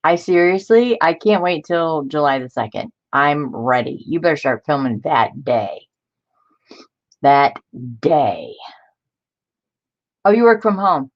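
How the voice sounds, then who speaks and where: A woman's voice: deep voice, big pitch swings, slow, pauses often, lo-fi sound. A woman hosting a casual live stream, chatty and laughing often as she greets viewers by name. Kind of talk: casual live-stream chat while crafting.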